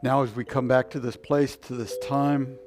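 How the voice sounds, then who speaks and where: A man, a minister, slowly and gently guiding a closing meditation in church. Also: mid-range voice, level tone. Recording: music playing underneath.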